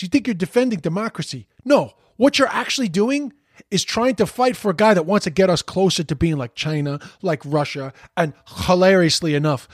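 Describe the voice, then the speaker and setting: A man's voice: on the high side, dry recording, studio quality. A man giving heated, profane political commentary in a casual rant, often stumbling and repeating words.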